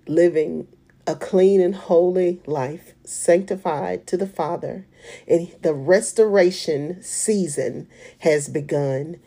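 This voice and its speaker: A woman speaks slowly and earnestly as she gives a personal faith testimony, repeating herself and pausing often. Her voice is fairly low and warm, and she talks unhurriedly. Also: husky. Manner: earnest, emotional, with repetitions and pauses. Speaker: mother of an autistic son.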